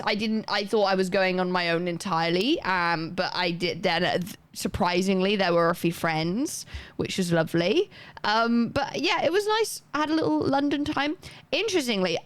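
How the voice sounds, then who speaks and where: A woman's voice: mid-range voice, fairly bright tone. A young woman livestreaming, chatting casually and rambling as she reads chat aloud and thanks viewers.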